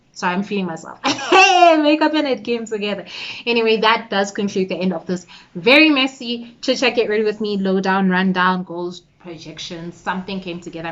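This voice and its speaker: A woman's voice: on the low side, fairly quick, hardly any pauses, a bit bright, lo-fi sound. A woman chatting casually in a get-ready-with-me vlog, giggly and playfully hyping herself up. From South Africa. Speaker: YouTuber.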